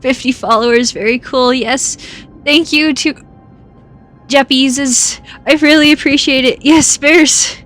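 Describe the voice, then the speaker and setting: A woman's voice: high voice, fairly even intonation, slow, a bit bright, soft background music. Giggly woman streamer with hiccups. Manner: giggly, laughs often between lines. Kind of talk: casual live-stream chat while gaming.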